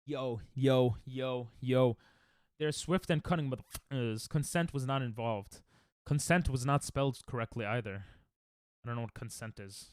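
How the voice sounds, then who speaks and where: A man's voice: mid-range voice, normal speed, a little mellow, clean tone, dry recording, clean studio sound. A man streaming a speedrun, chatting casually and joking with chat, laughing often.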